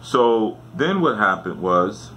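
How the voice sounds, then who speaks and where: Male teacher, deep and forceful, relaxed storyteller who keeps checking in with listeners; faint noise behind. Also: slow. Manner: conversational, often checks in with "right?". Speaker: spiritual teacher. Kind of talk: casual storytelling lesson.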